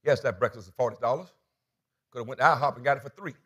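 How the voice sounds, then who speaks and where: A man's voice: mid-range voice, fast talker, bright, forceful tone. A man preaching a sermon as pastor, telling a comic story and acting out the dialogue with energy.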